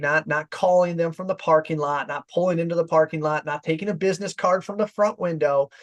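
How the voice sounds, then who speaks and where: Direct-talking male sales trainer. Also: fairly high pitch. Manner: direct, demonstrates voice tones in quoted examples. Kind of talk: training talk.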